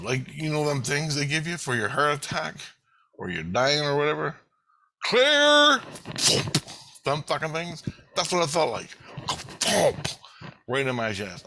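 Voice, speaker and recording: Mid-range, pushed and bright, a man's voice comes through poor audio as this fifties-aged vlogger rambles about his own spiritual experience. He swears heavily and sounds intense and emotional throughout.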